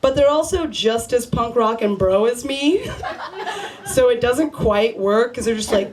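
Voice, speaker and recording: A woman's voice: on the high side, animated, unhurried, a little mellow. A young woman doing a stand-up comedy set at a bar open mic, rambling and profane as she chats with the crowd. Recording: live crowd noise. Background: audience laughter.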